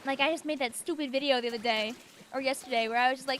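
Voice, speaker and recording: High-voiced chatty woman with a Long Island accent. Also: rapid-fire, fairly bright tone, slight background noise. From New York, USA. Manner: chatty and rambling, answers chat messages aloud. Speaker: streamer. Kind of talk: casual livestream chat while gaming.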